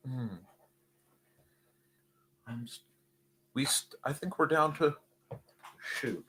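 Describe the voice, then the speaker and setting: A middle-aged man hosting a casual livestream, reading chat comments in a rambling, jokey way with a slightly hoarse voice. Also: medium pitch, slow pace, a little hiss or hum. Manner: rambling, jokey, animated asides. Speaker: livestream host.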